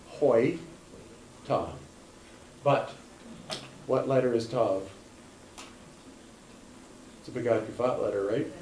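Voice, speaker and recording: A man's voice: medium pitch, darkish tone. Guy teaching a class, patient and step by step, roomy echo, kinda far from the mic. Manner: patient, explains step by step, calls on students. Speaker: Hebrew teacher. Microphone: room mic from a distance. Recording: echoey classroom, recorded from afar, faint hum.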